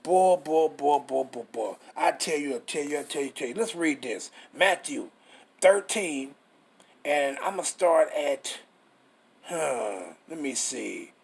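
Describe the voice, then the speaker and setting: Husky-voiced man preaching with profane fervor. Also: fairly high pitch, expressive, a little slow. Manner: profane, rhetorical questions, emphatic. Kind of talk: street-style scripture teaching.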